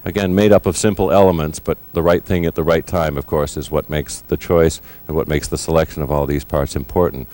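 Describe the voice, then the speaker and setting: A middle-aged man in a recording studio, explaining drum fills in a measured, thoughtful way. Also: extremely low pitch, steady tone, mellow. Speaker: drummer giving a lesson. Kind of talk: instructional explanation.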